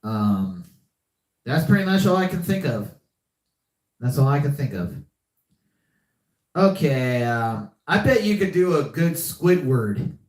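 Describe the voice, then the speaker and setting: A man's voice: mid-range voice, big pitch swings, slow pace, pauses often, echoey room. A young man hosting a live podcast, chatting casually and often repeating himself. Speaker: podcast host. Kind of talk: casual live-stream chat.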